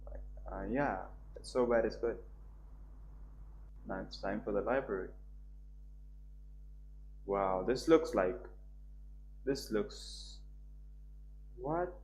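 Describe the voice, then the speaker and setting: A man's voice: slight background noise, rough recording. Young man reading a game aloud. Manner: animated, voices the dialogue lines higher and louder. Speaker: streamer. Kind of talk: reading a visual novel aloud with reactions. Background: guitar music.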